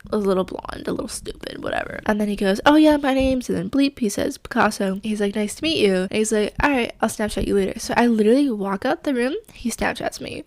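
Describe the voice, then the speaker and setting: A woman's voice: mid-range voice, fast talker, few pauses, dry recording. A young woman telling a story casually to camera, chatty and full of fillers, acting out what people said. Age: young adult. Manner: chatty, lots of fillers, acts out quotes. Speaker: vlogger.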